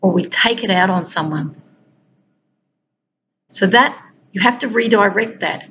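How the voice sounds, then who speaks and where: A woman's voice: lowish voice, animated, normal speed, fairly bright tone, a little hiss or hum, low-quality recording. A woman giving an informal motivational talk as a wellbeing coach. She talks directly to her listeners in a conversational way.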